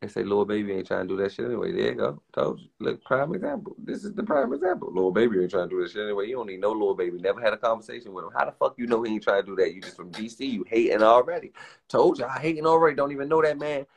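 A young male streamer, his voice on the low side, creaky and edged with breath, goes on a casual, emphatic rant laced with profanity. Along the way he performs other people's lines in quick put-on voices.

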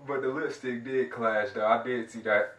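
A man's voice: medium pitch, steady tone, normal speed, fairly bright tone, recorded from a distance. A young man in casual couple banter, laid-back, laughing things off and defensive. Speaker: fiance in the vlog. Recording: roomy sound, off-mic.

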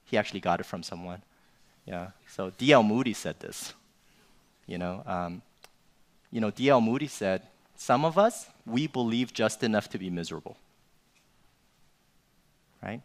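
A man's voice: on the low side, expressive, normal speed, long pauses. Conversational male pastor preaching a sermon. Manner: conversational, filler-heavy with "you know" and "right?".

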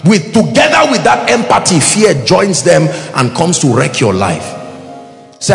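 Animated preacher in an echoey hall. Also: male voice, high-pitched, measured pace, gravelly. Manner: animated, call-and-response preaching with acted quotes. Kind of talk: sermon. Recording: echoey hall with faint music.

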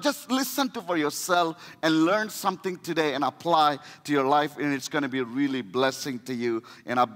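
A pastor's high, ringing, bright voice fills a church sanctuary as he preaches, telling the story with animation and often restarting his phrases, while a long hall echo hangs on the sound.

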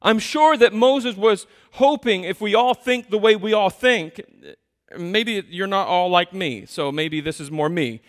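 A man preaches in a church sanctuary, his fairly high voice ringing out with long reverb. He talks like he is chatting, poking fun at himself and acting out the stories. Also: unhurried. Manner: conversational, self-deprecating, animated storytelling. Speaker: pastor. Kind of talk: sermon.

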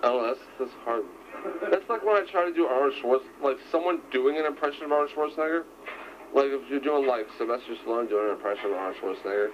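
A man's voice: medium pitch, fast talker. Rambling young man in lo-fi chat. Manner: rambling, laughing, many "like"s, trying impressions. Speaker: podcast co-host. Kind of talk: casual chat. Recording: muffled lo-fi with hiss.

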